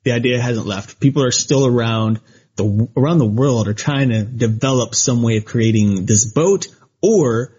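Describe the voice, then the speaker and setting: A man's voice: mid-range voice, moderate pace, darkish tone, breathy edge, muffled recording. A man co-hosting a podcast, chatting casually in a rambling way, with lots of fillers and frequent laughs. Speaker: podcast co-host. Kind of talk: casual chat.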